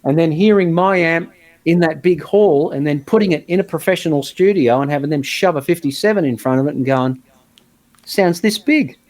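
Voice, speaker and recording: A man talking as a guitarist guest in a casual podcast chat, an animated storyteller who mimics other players. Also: on the high side, fairly quick.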